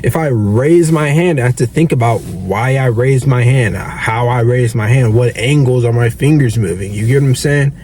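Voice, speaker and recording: A man's voice: medium pitch, moderate pace, few pauses, a little mellow, a little hiss or hum. A young man giving an earnest, preachy motivational monologue as a self-improvement coach, swearing casually.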